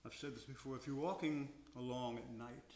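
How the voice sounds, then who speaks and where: A man's voice: mid-range voice, fairly even intonation, a little mellow, reverberant. An older man, a veteran opera tenor, talking reflectively about singing at a stage Q&A and now and then singing short examples. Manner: reflective, slow, sings short examples to illustrate. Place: concert house stage.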